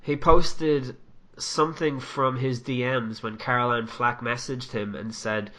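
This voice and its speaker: A young man co-hosting a podcast rants and swears a lot through casual chat, sounding animated. His voice sits at medium pitch and moves a little slowly.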